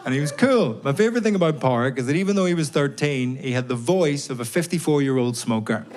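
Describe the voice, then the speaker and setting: A man doing a stand-up routine, telling stories in a deadpan way with timed pauses, on stage at a live comedy venue. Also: medium pitch. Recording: live show recording with audience noise.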